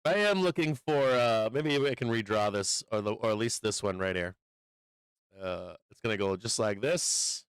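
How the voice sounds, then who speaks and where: Smooth-voiced man swearing over trades. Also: lowish voice, normal speed, dry recording. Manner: profane, swings from calm chart talk to furious outbursts. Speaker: livestream trading host. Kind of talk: live market stream commentary.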